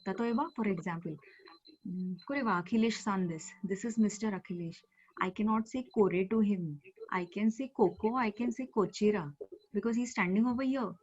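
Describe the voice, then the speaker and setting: Brief: female teacher, patient and explanatory, mid-pitched, heard over a dull video call. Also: moderate pace, darkish tone, breathy edge. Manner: patient, explanatory, with frequent fillers. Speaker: Japanese language teacher. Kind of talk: online language class.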